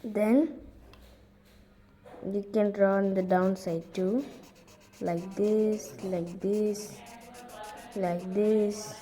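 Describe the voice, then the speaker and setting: A woman's voice: mid-range voice, steady tone, drawn-out words, pauses often, dark tone, poor audio. A woman giving a step-by-step drawing tutorial in simple, repeated instructions.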